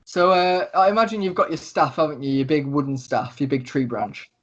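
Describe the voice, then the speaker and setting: A man's voice: fairly high pitch, brisk. Male game master, descriptive narration, lots of ums, muffled lo-fi audio. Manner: descriptive, hesitant with many fillers.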